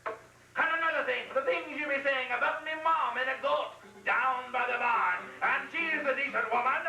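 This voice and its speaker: A man's voice: very high voice, pushed and bright, pitched above the performer's own voice, exaggerated voice. A man doing a whiny Irish potato lover. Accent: put-on Irish. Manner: whiny, blustering. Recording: roomy, distant, noisy home tape.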